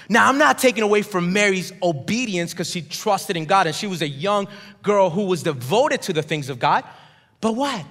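High-voiced preacher in a reverberant church. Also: male voice, expressive, moderate pace. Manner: emphatic, swings between shouts and hushed drops; leads call-and-response with the congregation. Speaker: pastor. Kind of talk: sermon. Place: church sanctuary. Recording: long hall reverb.

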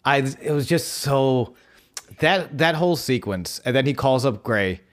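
A man co-hosting a podcast, chatting about comics in an excitable way, with lots of restarts and swearing. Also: medium pitch, unhurried. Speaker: podcast co-host. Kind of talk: casual chat about comics.

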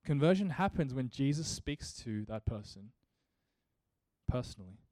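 A man preaching with a mellow, warm tone in a dry, close sound. He speaks earnestly and builds his points into emphatic rhetorical questions, like a pastor in the pulpit. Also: mid-range voice, sing-song, moderate pace, no room sound. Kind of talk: sermon.

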